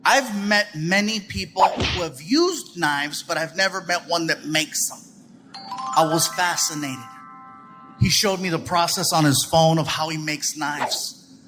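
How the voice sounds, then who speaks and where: A man's voice: on the high side, measured pace, over music. A male stand-up comedian telling stories on stage and acting out the people in them, recorded live with audience noise behind him. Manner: animated, acts out characters in voices. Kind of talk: stand-up storytelling.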